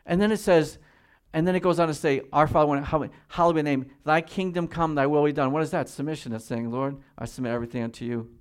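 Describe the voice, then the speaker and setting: A man preaching a sermon as pastor, reading scripture slowly and swinging between quiet, measured emphasis and loud, high-pitched exhortation. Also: smooth. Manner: reads scripture slowly and deliberately.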